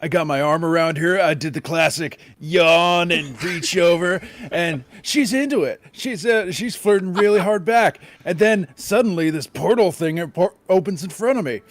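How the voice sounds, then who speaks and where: A man's voice: sits high, normal speed, few pauses, no echo. A man playing a tabletop game, telling his character's story in first person in a laid-back way. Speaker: player.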